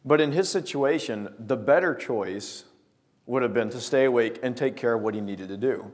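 A man telling a personal story with lively acted-out scenes, then drawing a devotional lesson from it. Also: medium pitch, normal speed. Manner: lively storyteller, acting out scenes, often restarting words. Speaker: speaker telling a story to make a life lesson. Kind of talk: anecdote-driven devotional talk.

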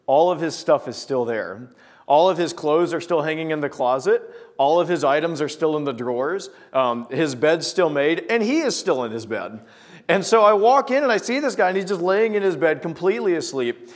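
Guy w a slightly high voice telling a story in a talk, acts out the scenes, restarts words a lot, then turns it into a lesson. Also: lively intonation, moderate pace. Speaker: speaker telling a story to make a life lesson. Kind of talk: anecdote-driven devotional talk.

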